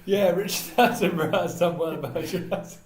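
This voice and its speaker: A man's voice: sits high, fairly quick. A man in his twenties co-hosting a casual podcast, teasing his partner and retelling scenes with playful energy. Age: 20s. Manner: teasing, playful, animated storyteller. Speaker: podcast co-host. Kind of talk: casual chat. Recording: echoey room.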